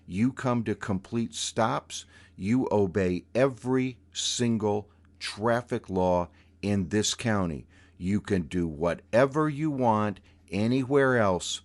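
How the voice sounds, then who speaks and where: A man voicing a genteel older aunt who is sweet-voiced but iron-willed, speaking in drawn-out endearments and slow, firm commands. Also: on the low side.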